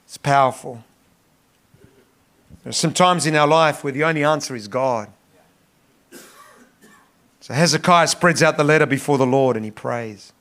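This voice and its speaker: Male pastor preaching, high voice, fervent emphasis and repetition. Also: moderate pace, pauses often, fairly bright tone. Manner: impassioned, rising in pitch on emphasis, frequent repetitions. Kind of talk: sermon.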